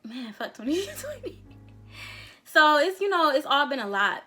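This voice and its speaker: A woman in her thirties, a vlogger and songwriter, chats candidly and reflectively to camera for her viewers, rambling a bit, laughing a lot and swearing casually. Her voice sits high with huge pitch swings and a sharp tone, her pace a little slow, with soft music playing behind her.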